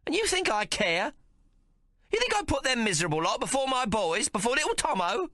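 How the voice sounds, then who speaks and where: A man's voice: on the high side, very animated, moderate pace, pushed and bright, voice pushed up. A man doing a fierce old mother. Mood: furious. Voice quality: coarse dialect, scolding. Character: fierce old working-class mother, tough and bitter. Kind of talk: audiobook character voice.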